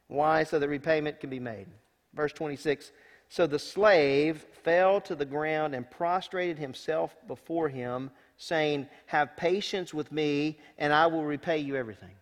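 A man preaching from the pulpit, his voice pitched a little high and carrying a long, ringing reverb from the hall. He reads scripture and comments on it in a folksy, emphatic style, rising to loud bursts and dropping to hushed asides. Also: unhurried. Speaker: senior pastor. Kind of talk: sermon with scripture reading.

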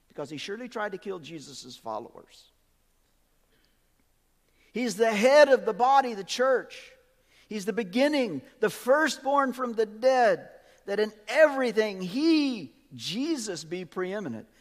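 A man preaching a sermon with emphasis, swinging from quiet asides to loud, lively peaks. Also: high-pitched, measured pace, in a large hall.

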